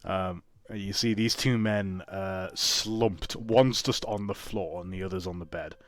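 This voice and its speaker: A man narrating as game master, casual and quick to laugh or swear. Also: deep voice, fairly even intonation.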